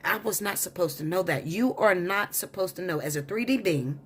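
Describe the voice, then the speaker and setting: A woman's voice: on the low side, animated, normal speed, husky. A woman tarot reader telling a long story in a blunt, profane, insistent way. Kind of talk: storytelling monologue.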